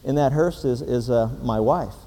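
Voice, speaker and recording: A deadpan, grim widower in a limousine, as a preacher acts him out in a joke. The voice is mellow and dropped low and quiet, with a matter-of-fact delivery. A long hall reverb hangs behind every word. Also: male voice, normal speed, lightly acted. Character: grim widower in a limousine, middle-aged man.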